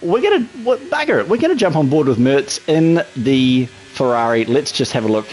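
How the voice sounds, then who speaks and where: A man commentating a sim race lap with excited, colloquial patter. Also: mid-range voice, brisk, slight background noise, poor audio. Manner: excitable, colloquial, talks through an onboard lap. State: a little out of breath. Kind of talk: energetic sim racing commentary.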